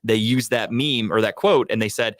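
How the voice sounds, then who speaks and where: A man co-hosting a casual sports podcast, going on heated, profane rants that climb toward shouting. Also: on the low side, normal speed, dry recording, studio quality. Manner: heated, profane ranting, rising to near-shouting. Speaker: podcast co-host.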